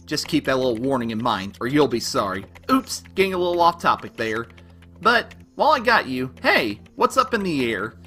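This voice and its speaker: A man's voice: mid-range voice, very animated, normal speed, pushed and bright, faint music behind. A man rapping in rhyme as an obsessive, unstable young male superfan, with a delivery that swings between gushing and menacing, over a backing beat. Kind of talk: rapped fan-letter verse over a beat.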